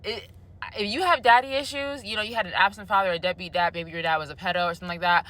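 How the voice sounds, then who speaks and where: A woman's voice: mid-range voice, fairly even intonation, fast, a bit bright, no echo. A woman vlogger giving an emotional, earnest faith testimony, chatting casually and calling the listener honey and baby.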